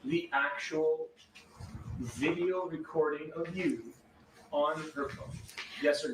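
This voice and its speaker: A man's voice: a little high, takes it slowly. A man cross-examining a witness in court, asking pointed questions and pressing for yes-or-no answers. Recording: distant, echoey courtroom audio with noise.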